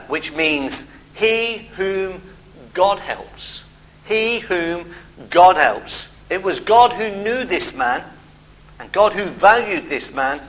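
A middle-aged man preaching a sermon, expressive, with emphatic pauses and personal asides. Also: high voice, low-quality recording. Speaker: pastor.

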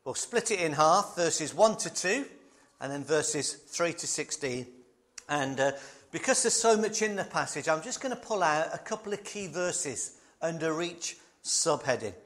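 A man's voice: on the high side, expressive, unhurried, fairly bright tone. A man preaching a sermon, emphatic and conversational, fond of repetition and light asides.

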